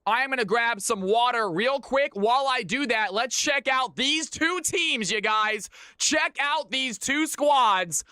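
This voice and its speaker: A man hosts a live game stream with a bright, high voice and plenty of energy. He chats loosely with viewers and laughs often. The sound is close and dry. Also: measured pace, hardly any pauses, smooth, no echo. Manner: hyped, chatty, laughs often. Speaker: stream host and caster. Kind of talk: casual live-stream chat.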